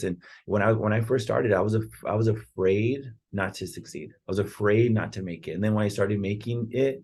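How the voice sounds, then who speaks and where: A man's voice: lowish voice, normal speed, few pauses, a little mellow, slightly rough. A man giving casual, earnest motivational talk on a podcast, rambling and often checking in with "right?". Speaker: podcast speaker on real estate and personal growth.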